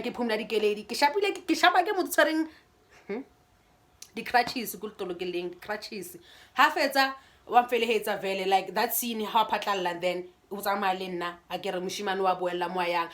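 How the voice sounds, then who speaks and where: A South African woman sits down for a storytime vlog, recounting events in a lively, conversational way. She often restarts her sentences and keeps the tale moving. Her voice sits at a medium pitch. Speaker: YouTuber.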